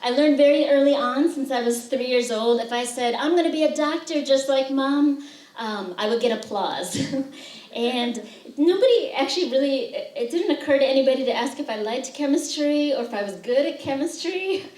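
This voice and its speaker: A woman's voice: high-pitched, expressive, moderate pace, darkish tone. A woman poet giving a reading, telling humorous stories with frequent fillers between poems to students in a lecture room. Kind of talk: poetry reading with spoken anecdotes. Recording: roomy sound, voice distant from the mic.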